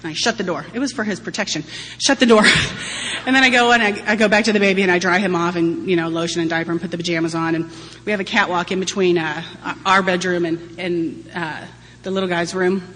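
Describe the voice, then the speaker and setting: Her lowish, fairly bright voice moves fast but holds a steady tone as she tells a recovery-group audience her story. The woman, in her forties, is candid and humorous and laughs often. Long hall reverb and a faint hum color the recording.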